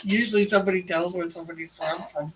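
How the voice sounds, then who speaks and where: A man's voice: high voice, steady tone, fast, fairly bright tone, slight background noise. A man from Canada hosting a casual live stream, chatting and reading viewer comments aloud with frequent laughs. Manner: laughs often, reads chat aloud. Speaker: livestream host. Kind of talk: casual livestream chat.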